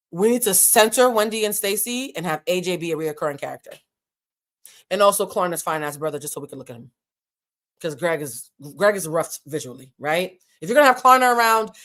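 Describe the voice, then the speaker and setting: A woman hosting a casual reality TV recap, talking candidly and brashly, swearing freely and breaking into quick asides. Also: on the low side. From United States. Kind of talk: casual profane recap commentary.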